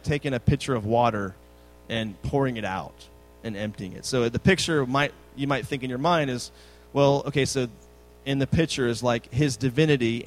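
A man in his thirties preaching a sermon, telling a story in a casual, joking way with lively quoted dialogue. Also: mid-range voice, low-quality recording. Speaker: pastor.

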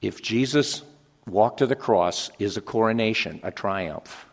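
A man preaching a dramatic sermon, swinging from hushed whispers to shouted climaxes. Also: on the low side, measured pace, vocal fry. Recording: long reverb of a large hall.

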